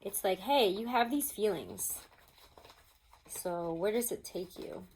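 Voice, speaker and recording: A woman's voice: medium pitch, slow pace, slight background noise, poor audio. Chatty woman reading tarot cards. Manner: chatty, animated, many "like" and "um" fillers. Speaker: tarot reader. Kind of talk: casual tarot reading to viewers. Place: home with pets nearby.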